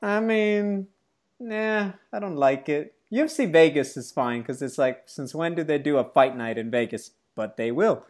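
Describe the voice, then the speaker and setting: A woman co-hosting a casual sports podcast, chatting in a playful, joking, animated way. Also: low voice, moderate pace. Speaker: podcast co-host.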